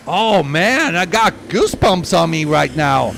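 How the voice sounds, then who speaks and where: A man giving live race commentary, excitable and bursting out at big moves, also reading out long lists of drivers. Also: high voice, slow, creaky, hardly any pauses, a little hiss or hum.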